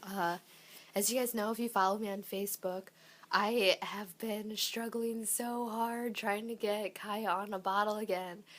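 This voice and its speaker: A woman's voice: medium pitch, steady tone, a little slow, a bit bright. A young woman, a mother, giving a casual vlog update while sick and losing her voice, chatty and full of ums. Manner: chatty, lots of ums and likes. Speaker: parenting vlogger. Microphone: handheld camera, shaky.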